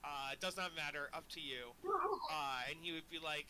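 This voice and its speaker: Man as a player, high voice, deadpan, noisy mic. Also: normal speed. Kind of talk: tabletop game play.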